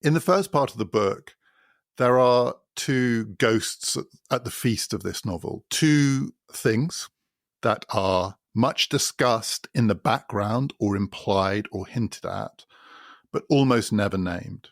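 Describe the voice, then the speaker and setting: Low gravelly guy hosting a podcast, calmly retelling a book, dry sound. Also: no room sound. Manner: measured, storytelling explanation. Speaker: podcast host. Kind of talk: explaining a novel.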